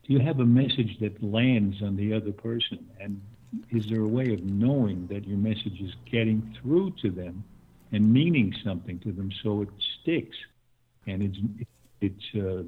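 Older guy on a phone interview, lowish husky voice, thinks out loud, chuckles, tinny line. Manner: thoughtful, chuckling, with restarts. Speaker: guest. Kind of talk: conversational interview.

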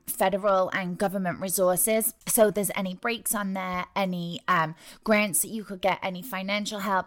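Northern English woman with a New York twang. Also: medium pitch. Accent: northern English, mixed with New York and New Jersey. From north of England. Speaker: podcast co-host. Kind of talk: casual podcast chat.

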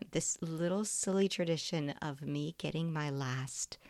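A woman's voice: deep voice, dry recording. A middle-aged woman hosting a podcast, telling a personal story in a heartfelt, confiding way. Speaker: podcast host.

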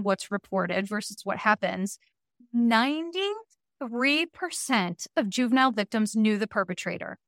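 A woman's voice: medium pitch, fairly bright tone, no room sound, clean studio sound. A woman guest therapist on a podcast, speaking in an earnest, emphatic and reassuring way. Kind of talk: podcast conversation.

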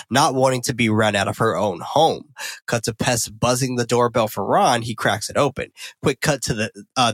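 A man co-hosting a podcast, recapping a film in casual chat, excitable and swearing freely with lots of fillers. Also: mid-range voice, breathy edge, no room sound. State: caffeinated and talking fast.

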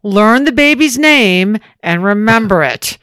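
A woman's voice: mid-range voice, expressive, unhurried, a bit bright, smooth, dry recording, studio quality. A woman co-hosting an advice podcast, chatting casually with lots of laughter and fillers. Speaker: podcast co-host.

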